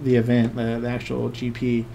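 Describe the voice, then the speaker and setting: A man's voice: medium pitch, monotone, moderate pace, creaky, warm tone. A man co-hosting a casual podcast, rambling happily through a story. He acts out what other people said and laughs often. Faint background noise sits under his voice. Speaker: podcast co-host. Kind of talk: casual chat.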